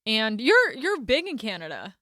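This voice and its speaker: A young woman hosting a comedy podcast, telling stories in a casual, animated way and acting out the voices of the people she quotes. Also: fairly high pitch, normal speed, no echo, studio quality. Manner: animated storyteller, acts out quoted voices, laughs often. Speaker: podcast host. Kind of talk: casual chat.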